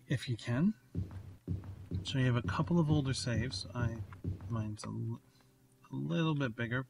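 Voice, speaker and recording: A man casually commenting on his gameplay, thinking aloud in a rambling, self-mocking way. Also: medium pitch. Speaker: let's play host. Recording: noisy recording with clicks.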